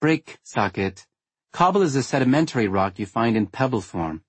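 A man voicing a witty young woman who lectures in a frank, lightly sarcastic way, with a husky tone. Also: medium pitch, animated, normal speed, dry recording. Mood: correcting. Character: witty teasing young woman, blunt and playful.

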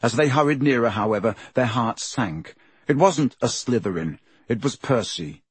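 Husky-voiced man narrating a storybook. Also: mid-range voice, lively intonation, normal speed. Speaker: audiobook narrator.

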